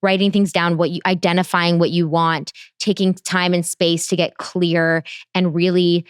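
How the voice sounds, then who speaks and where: Smooth, low-voiced reflective woman. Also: flat delivery, normal speed, dry recording, clean studio sound. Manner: reflective, thinks aloud. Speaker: podcast co-host. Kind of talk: casual podcast conversation.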